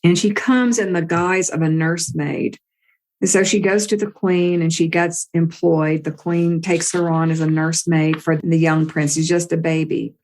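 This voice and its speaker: A woman with a notably low voice retells an old myth for a spiritual talk. Her delivery is gentle and unhurried, with the flow of a storyteller. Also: steady tone. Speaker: spiritual teacher.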